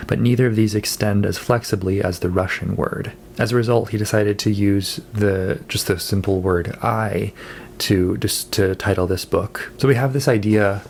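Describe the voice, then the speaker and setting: Chatty low-voiced man reviewing books. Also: fairly even intonation, normal speed, creaky, a little mellow, slight background noise. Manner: chatty, thinking aloud with fillers and self-corrections. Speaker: book vlogger. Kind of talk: casual monthly wrap-up talk.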